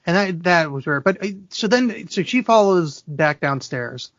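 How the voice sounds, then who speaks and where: A man's voice: on the high side, lively intonation, unhurried, a bit bright, dry recording, muffled recording. Wry middle-aged man recapping a movie. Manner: wry, self-deprecating, recapping the plot. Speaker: podcast co-host. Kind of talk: casual movie review chat.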